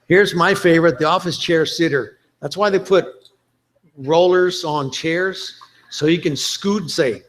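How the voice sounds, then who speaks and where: A man's voice: fairly high pitch, measured pace, fairly bright tone. A man giving a chatty, joking conference presentation, quoting movie lines for laughs. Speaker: conference speaker.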